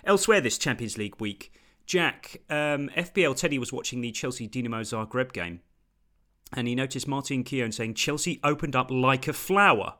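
A man hosting a casual podcast conversation with a bright, forceful tone. His pitch swings widely as he talks, and he gets theatrical and loud when he makes a point. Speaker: podcast host.

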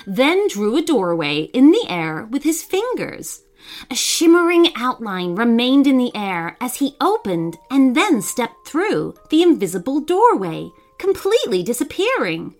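A woman narrates a bedtime story gently and expressively, with a fairly high voice. Her pitch rises and falls in a lively way, and her pace is slow and measured. Faint music plays behind her. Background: soft music.

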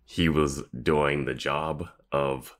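A man co-hosting a podcast in relaxed chat, chuckling while he nitpicks. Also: a bass voice, takes it slowly. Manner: laid-back, chuckles and nitpicks. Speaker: podcast co-host. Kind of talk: casual recap chat.

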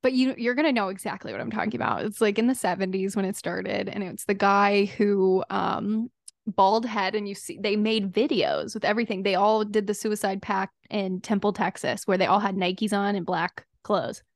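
A woman hosting a casual podcast, animated and a little rambling as she tells a story. Her voice sits at a middle pitch, and the recording is dry with no room sound. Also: moderate pace, vocal fry, no echo. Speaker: podcast host.

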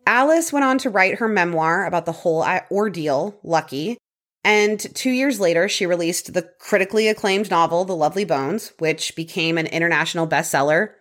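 Lower-voiced woman telling a story. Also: a little fast, a bit bright. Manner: storytelling with fillers and frequent laughs. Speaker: podcast co-host telling a true crime story. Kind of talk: casual chat reading prepared notes.

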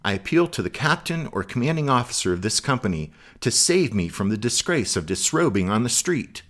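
An indignant, flustered civilian man protests and pleads, his voice climbing higher and faster as a male narrator puts him on. The lines come out in a rushed, strained appeal. The pitch sits well above a deep narrating voice. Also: very animated, fairly bright tone. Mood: pleading. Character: indignant male Pennsylvania civilian being robbed.

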